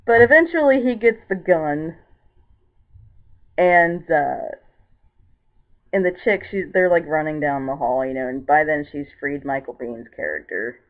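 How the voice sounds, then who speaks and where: A woman's voice: low-pitched, expressive, measured pace, long pauses. A woman giving a casual vlog movie review in a rambling, filler-heavy way, sounding exasperated. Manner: exasperated and indignant. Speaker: film reviewer. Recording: tinny, phone-like lo-fi sound.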